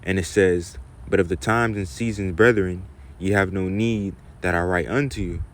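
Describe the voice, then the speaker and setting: A man with a fairly low voice teaches from scripture in an informal preaching style. He keeps checking in with the listener, using "man" and "okay?" again and again. When he reads the verses, he slows down and gives them weight. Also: fairly even intonation. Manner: repeats "man" and "okay?" as tags, reads verses slowly and loudly.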